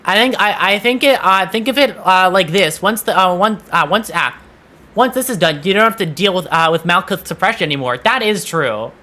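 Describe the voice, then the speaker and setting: Bright-voiced, exasperated young streamer guy. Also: sits high, lively intonation, brisk. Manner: exasperated, swearing, stammering restarts. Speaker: VTuber streamer. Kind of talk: casual gaming stream chat.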